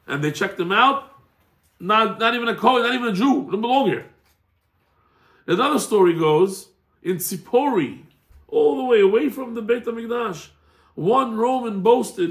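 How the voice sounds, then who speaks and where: A man, a rabbi, giving a casual class and telling stories, acting out the people in them with animated voices. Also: sits high, normal speed. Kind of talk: casual Torah class with storytelling. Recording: echoey room.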